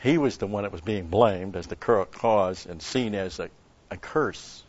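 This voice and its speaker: A man's voice: low voice, a little slow, muffled recording. A man preaching a sermon, telling a story and asking rhetorical questions with an occasional chuckle.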